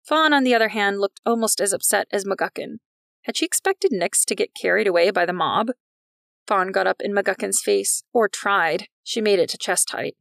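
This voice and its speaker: A woman with a gravelly voice reads a story aloud in a wry narrating style. The recording is dry and close, with no room sound. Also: medium pitch, moderate pace, a bit bright, dry recording. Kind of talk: scripted narration of a fiction podcast.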